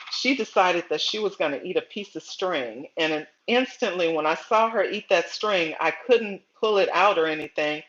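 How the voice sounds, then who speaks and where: A middle-aged woman hosting a casual gardening livestream, chatty and storytelling, often pausing to greet viewers by name. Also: low-pitched, a bit bright, lo-fi sound.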